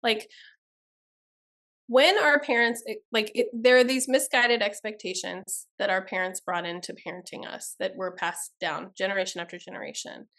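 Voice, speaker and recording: A woman's voice: medium pitch, fairly even intonation, normal speed, a bit bright. A woman trauma therapist speaking as a podcast guest, emphatic and blunt as she explains her points. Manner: emphatic, blunt, talks through examples. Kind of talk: podcast interview.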